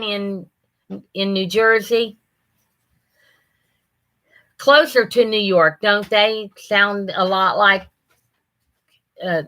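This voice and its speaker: A woman's voice: mid-range voice, sharp tone, low-quality recording. A woman, hosting a livestream and chatting folksily with viewers by name. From Ohio, USA. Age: 60s. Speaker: livestream host. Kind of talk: casual chat reading viewer comments.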